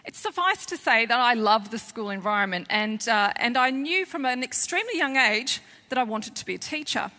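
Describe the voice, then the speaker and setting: A woman, a children's author and former teacher, telling a lively, expressive story to schoolchildren at a festival. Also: on the high side, moderate pace, few pauses. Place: large festival hall. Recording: long hall reverb.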